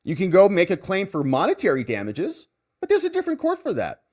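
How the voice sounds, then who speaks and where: A man's voice: sits high, brisk. A man hosting legal news commentary as a lawyer, talking in a sarcastic, mocking and emphatic way. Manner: emphatic, animated delivery.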